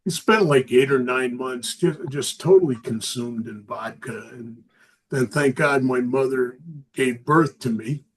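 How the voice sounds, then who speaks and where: An older man doing a stand-up comedy set, a self-described lovable curmudgeon delivering dry, deadpan jokes about family. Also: mid-range voice, measured pace, breathy edge, rough recording. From Southern California.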